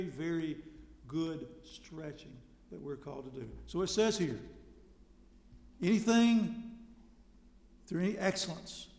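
A man preaching a sermon in a conversational way, asking rhetorical questions and suddenly getting loud for emphasis. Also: on the high side, vocal fry. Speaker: pastor. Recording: echoey hall with long reverb.

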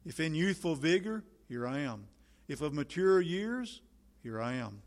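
A man's voice: fairly high pitch, big pitch swings, a little slow. Fervent man reading an old sermon. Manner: solemn, old-fashioned biblical diction with rising fervent appeals. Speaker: preacher.

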